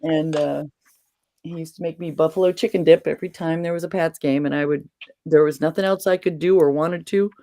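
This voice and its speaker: A woman's voice: deep voice, brisk, dry recording, clean studio sound. A middle-aged woman from New England hosting a casual video-call chat, telling stories animatedly and laughing often. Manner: chatty, animated storyteller who laughs often.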